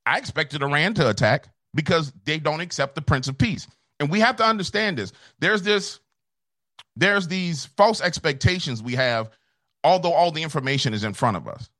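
A male pastor talks as a guest on a talk show, fiery and emphatic like he is in the pulpit. His pitch swings a lot and sits a little high. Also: animated, normal speed, fairly bright tone. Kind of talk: preaching commentary.

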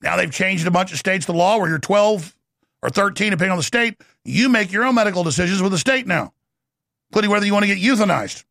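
A middle-aged man hosting a political commentary show, sarcastic and jokey in an animated way. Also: high-pitched, fast talker, vocal fry, no room sound, clean studio sound. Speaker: show host.

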